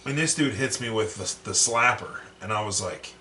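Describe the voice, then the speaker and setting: Chatting casually on a podcast he co-hosts, a man with a lowish voice tells stories at normal speed with few pauses. He's animated and profane, laughs a lot, and acts out the quotes. His mic is distant, so the audio sounds roomy and slightly off-mic, with faint noise behind him.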